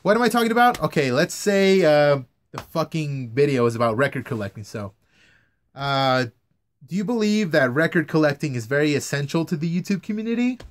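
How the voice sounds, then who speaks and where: A man's voice: on the high side, sing-song, brisk, no room sound. A young man ranting casually to camera about his news camera work, swearing a lot and sounding exasperated. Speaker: vlogger, news camera operator.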